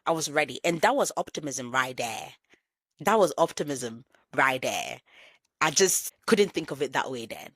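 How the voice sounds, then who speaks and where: A woman's voice: sits low, no room sound. A woman in her thirties hosting a solo podcast, reflecting candidly and repeating phrases for emphasis. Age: 30s. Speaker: podcast host.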